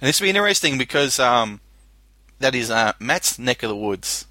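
A man's voice: medium pitch, big pitch swings, moderate pace, sharp tone, no room sound. A man hosting a casual film chat podcast, teasing and joking with his co-hosts. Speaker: podcast host.

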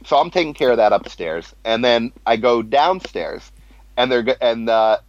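A man's voice: medium pitch, animated, moderate pace. A man telling a profane story in casual talk, laughing at his own jokes. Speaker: storyteller, former cinema manager. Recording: dull lo-fi sound.

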